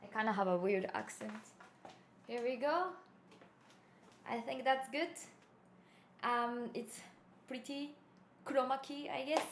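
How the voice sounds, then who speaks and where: A woman's voice: high-pitched, slow pace, pauses often. Giggly Japanese woman streaming. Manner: playful, giggly, mixing in Japanese phrases. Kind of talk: casual live-stream chat. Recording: echoey room with faint ambient noise.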